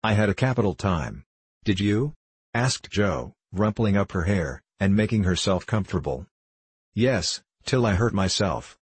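Husky deep-voiced man reading a novel. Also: expressive, normal speed, dry recording. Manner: reads all characters in a near-plain voice with slight shifts. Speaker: audiobook narrator. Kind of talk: scripted narration.

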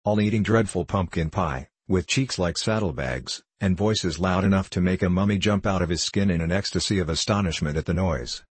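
A man's voice: deep voice, brisk, hardly any pauses, slightly rough, no echo. A man voicing a sour, meddlesome old fairy prime minister with a nasal twang, cross and snarling, in a storybook reading.

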